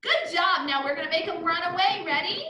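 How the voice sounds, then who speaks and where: Very high-voiced woman coaching kids' dance. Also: expressive, a little fast, bright, forceful tone, a little hiss or hum. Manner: upbeat, encouraging, sing-song coaching. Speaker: children's dance teacher. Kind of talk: online kids' dance class instruction. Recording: roomy echo, mic at a distance.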